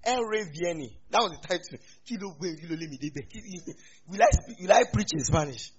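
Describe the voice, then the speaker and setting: A pastor with a Nigerian accent preaches a humorous sermon, slipping into Yoruba asides, his loudness swinging in lively bursts. His voice is high-pitched and fairly quick, with the highs cut off and crowd noise in the background.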